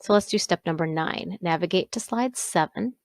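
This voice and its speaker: A woman instructor talking through a software exercise step by step, pausing to correct herself along the way. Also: fairly low pitch, no room sound. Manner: step-by-step, self-correcting with small asides. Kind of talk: screen-recorded software walkthrough.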